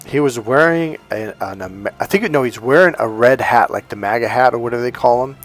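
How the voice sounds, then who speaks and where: A man's voice: mid-range voice, a little fast, faint music behind. A man from the San Francisco Bay Area, a self-help coach talking in a casual, rambling opinion monologue that acts out the voices he quotes.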